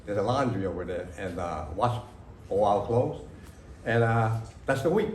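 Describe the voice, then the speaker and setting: A man, an author recalling his past to a library audience, talking haltingly with many fillers and broken grammar. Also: on the low side, expressive, a little hiss or hum. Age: 60s. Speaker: author at a book reading. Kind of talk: casual spoken memories to an audience. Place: library reading room. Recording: echoey room.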